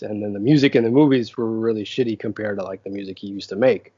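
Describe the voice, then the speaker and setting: A man's voice: medium pitch, steady tone, very fast, few pauses, a little mellow, no echo, lo-fi sound. A man co-hosting a podcast, rambling through a casual chat with many fillers. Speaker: podcast co-host.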